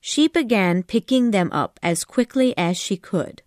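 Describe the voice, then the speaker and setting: A woman narrating an abridged classic storybook audiobook in a calm, measured reading. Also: mid-range voice, no echo, studio quality.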